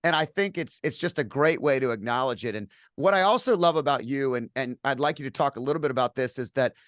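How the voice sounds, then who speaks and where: A man's voice: medium pitch, expressive, quick pace, fairly bright tone, no room sound, studio quality. A man hosting an interview over a video call, talking enthusiastically and casually, with frequent restarts. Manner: enthusiastic, praising, many restarts. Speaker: podcast host.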